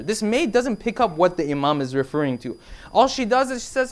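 A man's voice: high-pitched, animated, moderate pace, a bit bright. A man preaching a sermon to brothers and sisters, emphatic and repetitive, with a rising and falling delivery.

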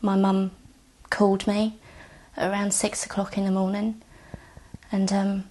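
A woman giving halting, quiet testimony about her brother, often dropping near a whisper and close to tears. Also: medium pitch, completely flat delivery. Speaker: bereaved sister giving testimony. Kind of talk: recounted personal testimony.

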